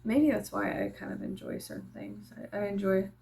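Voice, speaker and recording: A woman vlogger chatting casually, telling an animated, profane story with laughing asides. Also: mid-range voice, fairly quick, vocal fry, slight background noise.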